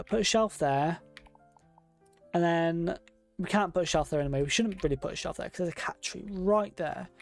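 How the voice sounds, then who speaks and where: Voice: mid-range voice, gravelly, a little mellow. A game streamer, chatting casually and thinking aloud while decorating a room in a game. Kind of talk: casual gameplay commentary.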